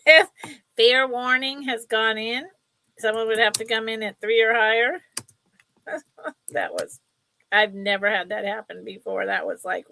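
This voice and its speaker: A woman's voice: on the high side, steady tone, a little slow, creaky, long pauses, pushed and bright. A woman hosting a casual live sale from her table, chatty and rambling, laughing often as she shows items. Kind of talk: casual live selling stream.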